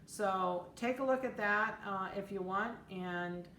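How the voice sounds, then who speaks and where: A woman's voice: mid-range voice, slow, pushed and bright, reverberant, a little hiss or hum. A middle-aged woman breeder giving casual, practical puppy-care advice in a plainspoken, chatty way. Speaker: dog breeder. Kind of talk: casual instructional talk.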